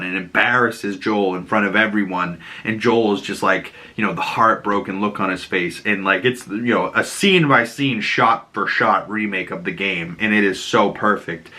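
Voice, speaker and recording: A man hosting a casual TV episode breakdown, talking excitedly in a rambling way and cracking crude jokes, with a Boston accent. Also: lowish voice. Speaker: video host.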